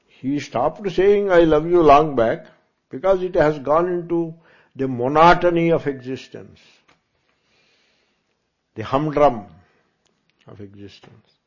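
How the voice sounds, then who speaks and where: A man's voice: a little high, unhurried, pauses often, darkish tone. A man with an Indian English accent, a spiritual teacher giving a conversational discourse that is full of rhetorical questions. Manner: conversational lecturing with rhetorical asks and Hindi asides. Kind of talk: Vedanta discourse. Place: lecture hall in front of students. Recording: dull lo-fi lecture recording.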